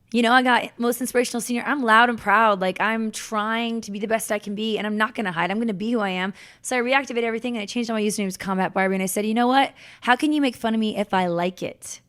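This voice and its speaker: A young woman, a podcast guest, telling her story in a chatty, animated way, full of "like" and restarts. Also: on the high side, clear, resonant tone. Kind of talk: casual interview storytelling.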